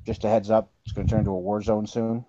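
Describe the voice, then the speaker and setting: A man's voice: on the low side, little pitch movement, fast talker, warm tone, dry recording. A man speaking in character as a player in a tabletop role-play, laid-back and wisecracking. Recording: dull lo-fi mic.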